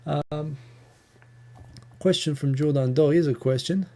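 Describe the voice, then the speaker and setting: A man's voice: on the high side, moderate pace, gravelly, long pauses, mellow. A man with a New Zealand accent hosting a casual live Q&A, reading viewer questions and answering in a chatty, rambling way with frequent ums and restarts. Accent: New Zealand English.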